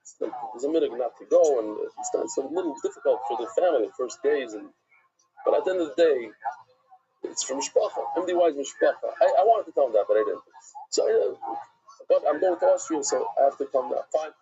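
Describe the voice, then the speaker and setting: A middle-aged man, a rabbi, teaching a casual Talmud class in a chatty, animated way, dropping Hebrew and Yiddish words into his English. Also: medium pitch, fast talker, lo-fi sound, slight background noise.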